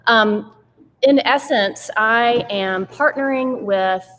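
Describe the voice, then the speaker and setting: A woman's voice: on the high side, slow, fairly bright tone. A woman in her forties, a curriculum director, talking earnestly and articulately as a guest on a live show. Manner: earnest, articulate, some fillers. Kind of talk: interview conversation. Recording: long reverb, faint background noise.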